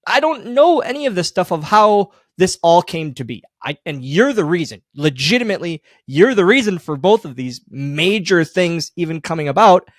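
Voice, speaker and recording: Animated, laughing podcast host, man. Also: sits high, normal speed, hardly any pauses, no echo, clean studio sound. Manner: animated storyteller, laughs often. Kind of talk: casual interview chat.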